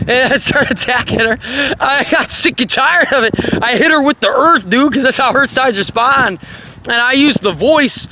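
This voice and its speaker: A man rambling casually and profanely, laughing often, in an animated monologue. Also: very high voice, normal speed, background noise. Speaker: vlogger on astrology.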